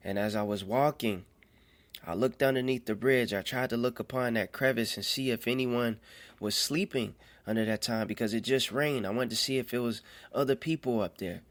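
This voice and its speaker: A man telling a personal faith testimony in an earnest, halting way, often repeating phrases as he goes. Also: mid-range voice. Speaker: storyteller.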